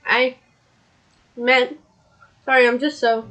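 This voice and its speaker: A woman streamer who is sick and sounds rough, casually reading a game's narration and characters aloud with chatty asides. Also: on the high side, a little fast, soft background music, poor audio. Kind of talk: live-streamed game reading.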